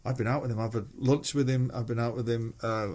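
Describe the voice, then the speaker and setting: A man's voice: mid-range voice, fairly even intonation, quick pace, a little mellow. A middle-aged man with a Mancunian English accent, a musician guest telling anecdotes in casual chat, swearing freely and acting out quoted voices.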